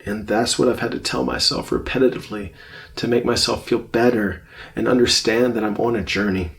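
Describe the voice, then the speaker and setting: A man teaching a self-help course lesson on anxiety, speaking in a gentle, reflective way and often repeating phrases for emphasis. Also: mid-range voice, fairly even intonation, fairly quick, vocal fry. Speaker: course instructor.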